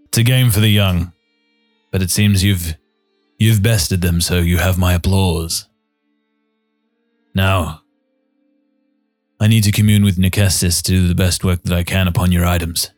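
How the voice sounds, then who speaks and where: A man voicing a proud male dwarf master smith who speaks formally, with a lowish voice. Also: steady tone, a little mellow, dry recording, studio quality, faint music behind. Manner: formal, measured bargaining.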